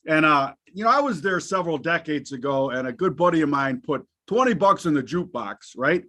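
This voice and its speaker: A man's voice: on the high side, animated, fairly quick, bright, forceful tone. A man hosting a casual market show, joking and cursing freely. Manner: jokey, profane banter. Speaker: host.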